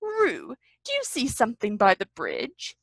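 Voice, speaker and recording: Lady reading as a sweet kindly teddy bear, gentle and bright, lively lilt. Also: on the high side, a little slow, no echo, heavily acted.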